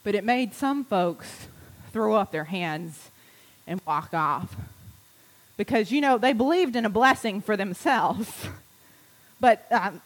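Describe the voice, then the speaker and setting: A woman pastor preaching a sermon in a church, moving between quiet, intimate repetition and emphatic rising lines. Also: medium pitch, low-quality recording.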